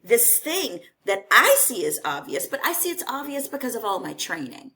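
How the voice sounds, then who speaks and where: Bright, animated woman therapist. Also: on the high side, moderate pace. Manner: candid, animated storytelling. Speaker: therapist guest. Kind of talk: conversational interview.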